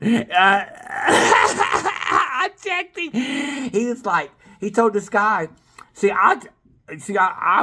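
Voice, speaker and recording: Excitable man rambling with a bright voice. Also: a little high. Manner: rambling, with restarts and bursts of laughter; swears freely and speaks casually. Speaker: vlogger. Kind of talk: rambling spoken monologue.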